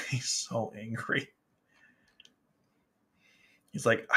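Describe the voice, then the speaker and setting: A man's voice: mid-range voice, steady tone, slow, pauses often. A man casually chatting as a manga reviewer, rambling and restarting often, sometimes acting out characters' lines. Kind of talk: casual chat.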